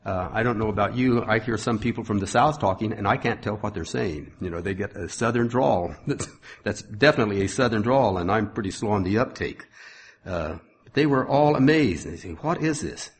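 Male preacher, middle-aged, low-ish voice, homespun asides, swells on the readings. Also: a little fast, breathy edge. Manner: folksy asides between scripture readings, rising loud when reading. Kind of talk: sermon.

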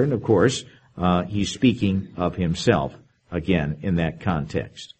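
A man with a husky, slightly breathy voice delivers a verse-by-verse sermon. He lifts his voice for the scripture readings and drops to a quieter, conversational tone for his comments. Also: expressive, unhurried. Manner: reads scripture aloud with emphasis, then comments in a lower, conversational tone. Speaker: preacher. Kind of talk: sermon, verse-by-verse Bible teaching.

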